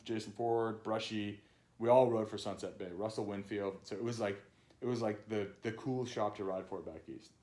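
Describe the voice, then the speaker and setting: A man's voice: fairly low pitch, darkish tone, echoey room. A man reading his own memoir aloud, loose and conversational, with casual asides. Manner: loose, conversational, swears and laughs.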